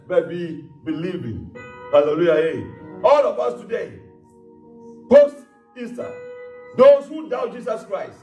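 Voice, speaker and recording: A man preaching a sermon, retelling scripture in lively voices and calling out hallelujah. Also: on the high side, moderate pace, long pauses, soft background music. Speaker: pastor. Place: church sanctuary. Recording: echoey church hall, miked from a distance.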